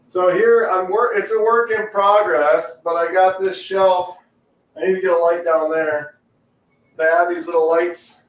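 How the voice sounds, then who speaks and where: A man with a slightly raised voice talks in a slow, unhurried drawl, rambling and thinking aloud with easy chuckles. He speaks into a phone in a garage, and the room gives his voice a roomy echo. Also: high-pitched, fairly even intonation. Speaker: livestream co-host. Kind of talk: casual chat. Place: garage, indoors.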